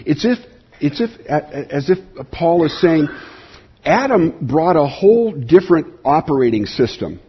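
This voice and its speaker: A male pastor preaches a sermon, weaving in stories in an earnest voice that often restarts mid-phrase. His tone is husky and mid-pitched. The recording sounds dull and lo-fi. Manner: earnest storytelling with frequent restarts.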